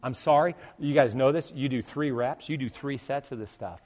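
A middle-aged male pastor telling a humorous story in a sermon, jumping from loud exclamations to quiet asides. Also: medium pitch, normal speed, long reverb tail.

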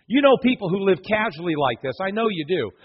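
Animated high-voiced male preacher, lo-fi. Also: a little fast, husky. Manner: animated, conversational preaching with playful voices for quotes. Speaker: pastor. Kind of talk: sermon.

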